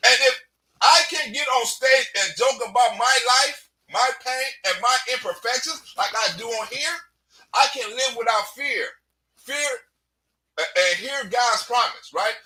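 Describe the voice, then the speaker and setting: Man, YouTube comedian, high-pitched, bright sharp tone, heated profane rant, shouty, constant tag questions, set back from the mic. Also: measured pace, distant mic, rough recording. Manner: heated, often shouting, with a tag question after nearly every sentence; profane and blunt. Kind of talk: preachy unscripted rant to camera.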